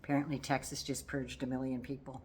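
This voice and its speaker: An older woman with a low voice talks casually about politics. She is folksy and sassy, and she teases as she goes. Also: little pitch movement, fast, a little mellow, a little hiss or hum. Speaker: political commentary vlogger.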